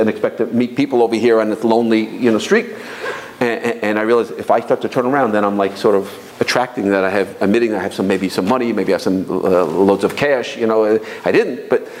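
A man teaching as he tells a personal story, sprinkling in Hebrew and Yiddish terms and often restarting his sentences. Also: on the low side. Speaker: religious teacher. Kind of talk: storytelling sermon.

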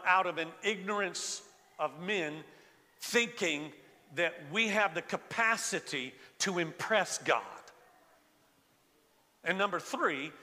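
An older male pastor preaching slowly and conversationally, with a fairly high, bright voice. He often restarts his sentences and asks the congregation to raise their hands. His voice trails off in the long reverb of a large sanctuary. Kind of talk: sermon. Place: church sanctuary.

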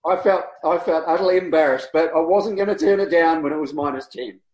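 Lively New man in a roomy space. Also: on the high side, quick pace, slight background noise. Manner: animated, laughs often, acts out people in his stories. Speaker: guest, long-distance cyclist. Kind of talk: casual storytelling interview. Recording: roomy echo.

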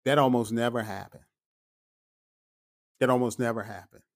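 A man's voice: medium pitch, normal speed. A man who is a police officer, talking through his opinions in a casual podcast monologue, emphatic and full of rhetorical asides. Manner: animated, emphatic, rhetorical "right?" asides and acted-out quotes.

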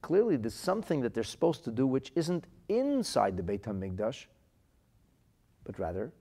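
A man's voice: mid-range voice, moderate pace, husky. A man teaching a religious text, reading out quotations and explaining them with emphasis. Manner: animated, emphatic, reads Hebrew quotes then translates. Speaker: Torah teacher.

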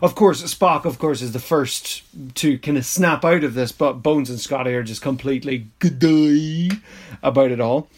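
A man's voice: mid-range voice, normal speed. A man, rambling through a casual episode recap with mock-exasperated asides and frequent laughs. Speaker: podcast host reviewing an episode.

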